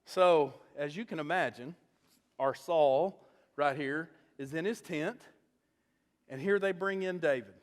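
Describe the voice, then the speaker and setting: A male pastor preaching a sermon, animated as he tells a story and often checking in with "okay?". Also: a little high, a little slow, in a large hall.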